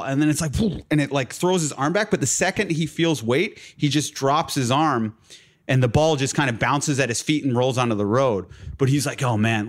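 A young man telling a long personal story in a casual chat as a guest, full of fillers like "like" and "uh". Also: medium pitch. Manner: rambling, filler-heavy, laughs through his stories.

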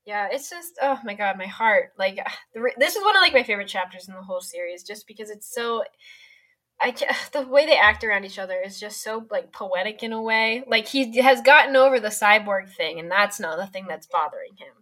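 A woman's voice: medium pitch, animated, brisk, fairly bright tone. A young woman co-hosting a casual book podcast, gushing and chatty, full of "like" and "oh my God". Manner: gushing, lots of fillers like "like" and "oh my God". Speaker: podcast co-host. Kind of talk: casual book discussion chat.

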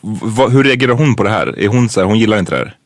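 Quick-talking man firing off questions. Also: on the low side, lively intonation, dry recording, studio quality. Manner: presses with quick follow-up questions. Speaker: podcast co-host. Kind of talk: casual chat.

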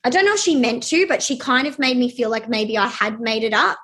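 A young adult woman telling a personal story in an interview, hesitant and halting with many fillers. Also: on the high side, fairly bright tone.

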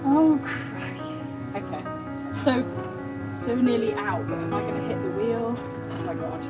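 A young woman chatting casually in a farm vlog, nervous and quick to laugh, talking from a tractor cab. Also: medium pitch, over loud music. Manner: chatty, nervous, laughs often, exclaims a lot. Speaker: farm vlogger. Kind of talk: casual vlog talk to camera.

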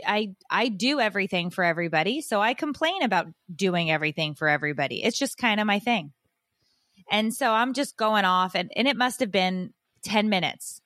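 A woman hosting a podcast, telling a story in frank, animated casual chat and acting out what people said. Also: medium pitch, dry recording, clean studio sound. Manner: animated, acts out quotes, frank and profane. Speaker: podcast host.

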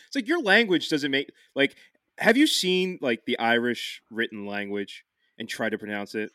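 A man from Philadelphia tells stories animatedly and swears freely in a casual podcast chat. His voice is bright and forceful, recorded close and dry. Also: medium pitch, dry recording. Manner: animated, profane, quick storyteller. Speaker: podcast co-host.

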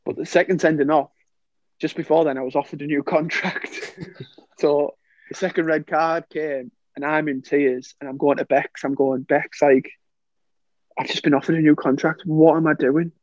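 A young man with a fairly high voice recounts his playing days in relaxed podcast chat. He laughs easily and acts out quoted lines. The sound is dry and a little dull. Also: normal speed, no echo. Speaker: former footballer guest.

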